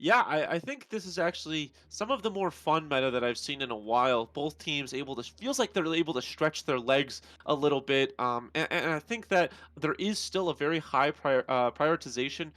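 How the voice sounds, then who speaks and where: An American male caster breaking down the draft in a live esports broadcast. He reasons out loud and restarts his phrases now and then. His voice sits a little high, with a dry, close sound. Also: animated, fairly quick, hardly any pauses, no echo. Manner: analytical, thinks aloud with restarts. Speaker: color caster.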